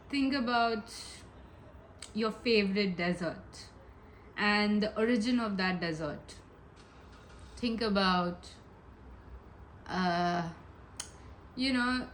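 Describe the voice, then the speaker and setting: A woman's voice: medium pitch, a little hiss or hum, poor audio. A woman giving a casual pick-a-pile tarot reading, chatty and giggly, rambling with many asides. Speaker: tarot reader.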